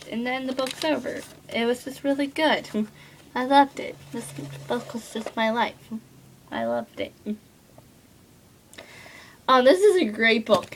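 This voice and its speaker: A woman's voice: fairly high pitch, fairly bright tone, slight background noise, poor audio. A teenage girl reviewing a book at home in a rambling, gushing way, full of filler words. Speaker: book vlogger.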